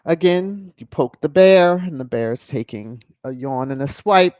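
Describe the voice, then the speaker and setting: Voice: mid-range voice, lively intonation, unhurried, a little mellow, no echo. A commentator on a video channel, sassy and mocking, chuckling often while reading headlines and viewer comments aloud. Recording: dull lo-fi, dry close mic.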